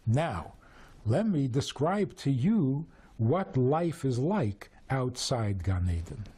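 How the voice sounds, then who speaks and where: A man voicing God as a calm, gentle creator who is not angry. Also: medium pitch, takes it slowly, breathy edge, exaggerated voice.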